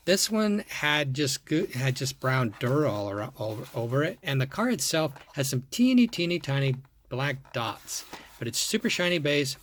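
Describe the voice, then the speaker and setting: A man's voice: mid-range voice, a little hiss or hum. Rambling man admiring toy cars. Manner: admiring, rambling, repeats words, thinks aloud. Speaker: toy car collector showing a collection. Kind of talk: casual show-and-tell vlog.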